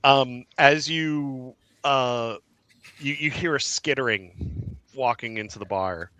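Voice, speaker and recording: Brief: male game master, animated and bright, close dry mic. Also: medium pitch, slow pace, dry recording. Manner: animated, with laughs and fillers. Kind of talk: narrating a tabletop game.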